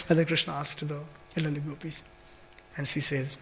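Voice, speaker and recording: A man's voice: a little high, level tone, brisk. A man giving a devotional scripture class in a temple hall, telling stories with many fillers and acting out the voices.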